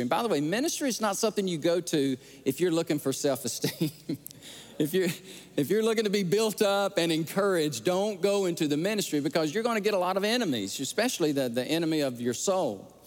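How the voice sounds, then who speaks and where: An earnest male preacher with a high, animated voice that swings widely as he tells stories from the pulpit. He often repeats words as he pushes on, and his voice carries a long hall reverb. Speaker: pastor. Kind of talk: sermon.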